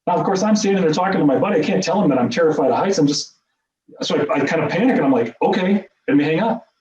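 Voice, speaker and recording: Fast-talking middle-aged man in an echoey room. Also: fairly high pitch, crowd noise. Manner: animated, self-deprecating humor. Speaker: speaker at a meeting. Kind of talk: personal storytelling speech. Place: meeting room. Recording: echoey, distant, dull room sound.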